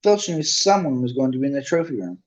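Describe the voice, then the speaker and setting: A man voicing a bossy, sharp-tongued schoolgirl, lecturing in a snappish way, in a dull lo-fi recording. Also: medium pitch, very animated, fast talker, natural voice.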